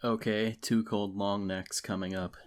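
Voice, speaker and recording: A man's voice: on the low side, little pitch movement, measured pace, natural voice. A man voicing a strong-willed young girl who answers back breezily. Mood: breezy.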